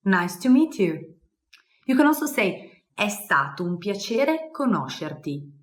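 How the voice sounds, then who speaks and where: A woman's voice: medium pitch, sing-song, a little slow, roomy sound. A woman with an Italian accent, a native Italian speaker, teaching phrases in a casual lesson with many fillers. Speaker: language teacher. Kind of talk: language lesson.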